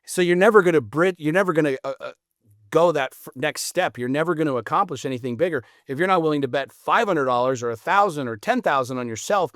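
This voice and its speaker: A man's voice: a little high, fast, dry recording, studio quality. A man appearing as a podcast guest, telling stories bluntly and profanely in a casual conversation. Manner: animated storyteller, blunt and profane.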